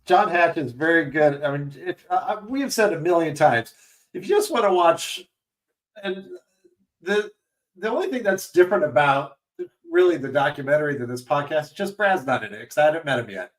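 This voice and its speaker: A man co-hosting a podcast in casual chat, animated and self-mocking, often trailing off mid-sentence. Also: fairly high pitch, normal speed, distant mic. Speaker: podcast co-host.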